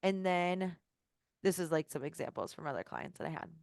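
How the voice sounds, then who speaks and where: A woman's voice: on the low side, sing-song, fairly quick, creaky, darkish tone, no echo, clean studio sound. A young woman coaching a group on a video call, talking casually with lots of fillers and acting out sample messages. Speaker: business coach. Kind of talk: live online coaching call.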